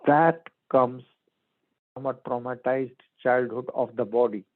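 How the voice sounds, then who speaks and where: A man's voice: medium pitch, steady tone, a little slow. Male spiritual teacher, mid-range voice, short choppy phrasing, thin phone-quality sound, no room echo. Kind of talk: spiritual talk. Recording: dry phone-like line.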